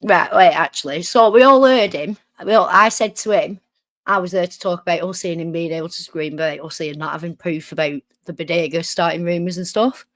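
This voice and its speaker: A woman's voice: fairly low pitch, brisk, dry recording, studio quality. A woman hosting a reaction stream, talking back at clips with sarcasm and swearing. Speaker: streamer host. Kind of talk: reaction commentary.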